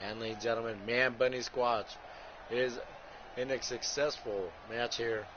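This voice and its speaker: A man calls a wrestling video game like a ringside announcer. He keeps saying "folks" and "ladies and gentlemen" and throws in crude rhyming jokes. The recording is muffled and lo-fi, with a clear hiss underneath. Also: medium pitch, little pitch movement, moderate pace. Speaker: host and wrestling commentator. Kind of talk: playful wrestling-game livestream commentary.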